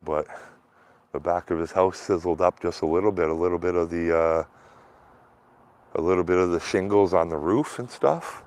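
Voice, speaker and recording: A man's voice: sits low, moderate pace, pauses often, a little mellow. A man vlogging outdoors in a residential neighborhood with a handheld phone camera, rambling casually with lots of fillers and restarts. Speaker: street vlogger filming outdoors. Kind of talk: casual rambling vlog commentary.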